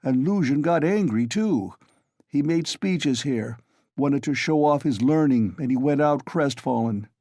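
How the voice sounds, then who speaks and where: A man voicing a tipsy young man who blusters loudly and urgently. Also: medium pitch, expressive, measured pace, no room sound, studio quality, pitched above the performer's own voice. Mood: blustering. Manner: loud, blustering.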